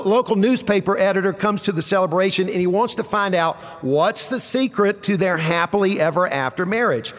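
A male pastor preaching a sermon, telling stories with dramatic pauses and dropping low and quiet for punchlines. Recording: long reverb of a large hall.

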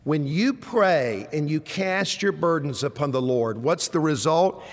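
A man with a high voice preaches a sermon, pressing points with rhetorical questions and bursts of emphasis. His voice carries a long reverb, as if recorded in a large church sanctuary. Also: lively intonation, unhurried. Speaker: pastor.

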